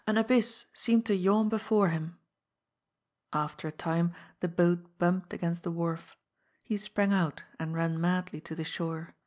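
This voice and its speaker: A woman narrating an adventure novel as an audiobook in a measured storytelling manner. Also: on the low side, a little mellow. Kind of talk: scripted narration.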